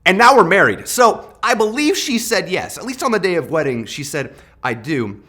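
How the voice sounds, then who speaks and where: A young man hosting a devotional talk, telling a personal story in a conversational way with lively swings in loudness. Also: sits high, moderate pace. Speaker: devotional host.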